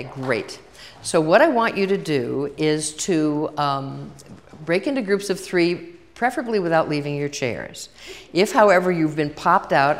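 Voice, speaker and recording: An older woman giving a chatty workshop talk to a live audience, telling stories and acting out both sides of conversations. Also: low-pitched. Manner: chatty storytelling, acts out dialogue. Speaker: workshop speaker. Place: large hall with audience. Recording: long reverb of a hall.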